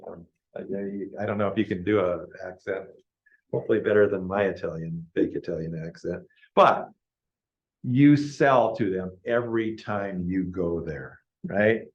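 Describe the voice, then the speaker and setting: In a meeting room before a live audience, a deep-voiced man leads a business planning workshop at a moderate pace. His delivery is a casual, conversational classroom lecture, and he keeps checking in with the group. The recording is lo-fi and echoey.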